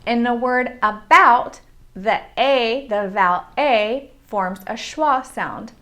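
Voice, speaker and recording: An American woman teaching English pronunciation, slowly modeling and repeating example words. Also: on the high side, fairly bright tone. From United States.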